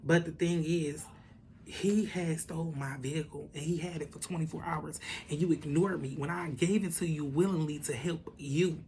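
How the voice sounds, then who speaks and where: A woman telling a story in a casual vlog, animated and profane, with lots of asides to the viewers. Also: low-pitched, moderate pace, a little hiss or hum. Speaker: vlogger.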